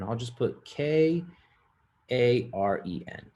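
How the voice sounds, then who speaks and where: A man's voice: mid-range voice, animated, slow pace, dark tone, a little hiss or hum. Man teaching a live online class. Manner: conversational, addresses audience, acts out example dialogue. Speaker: real estate investing instructor.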